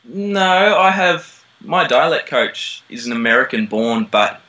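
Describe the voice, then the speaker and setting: Australian man, easygoing, bright voice, rambling, casual interview talk. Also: mid-range voice, unhurried, poor audio. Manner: relaxed, rambling with many ums and laughs. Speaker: actor guest. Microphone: call line.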